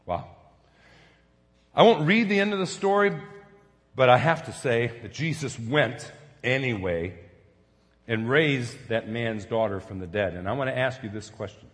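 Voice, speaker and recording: Middle-aged preacher in a reverberant hall. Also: male voice, mid-range voice, lively intonation, moderate pace. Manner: storytelling preacher, swings from soft to loud emphasis. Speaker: pastor. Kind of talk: sermon.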